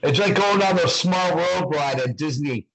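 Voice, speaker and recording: A man's voice: fairly high pitch, moderate pace, a loud crowd, poor audio. A man hosting a podcast, laid-back and amused, mostly agreeing with his co-host. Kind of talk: casual chat.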